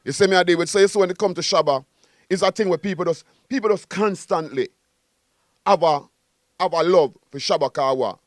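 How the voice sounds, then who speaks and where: A man with a Jamaican accent, a musician being interviewed, talking in a boastful, animated, repetitive way. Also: high-pitched, fairly quick, dry recording, studio quality. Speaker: guest musician. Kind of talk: casual interview.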